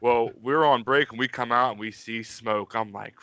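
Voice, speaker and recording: Swearing freely and leaning on "dude" at every turn, a Pittsburgh co-host spins meandering stories on a casual podcast. His medium-pitched voice is steady and normal in speed, slightly bright and clean. The audio has no room sound but a lo-fi quality.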